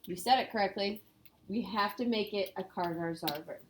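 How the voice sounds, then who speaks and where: A woman's voice: medium pitch, moderate pace, a little hiss or hum. A woman teaching a casual review lesson, explaining step by step and quizzing her students. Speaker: Spanish teacher.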